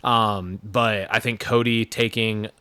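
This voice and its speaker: Podcast co-host, man, mid pitch, smooth clear tone, dry close mic, easygoing chat. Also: slow pace, no echo. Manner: relaxed, chatty, laughs often, filler words. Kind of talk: casual wrestling chat.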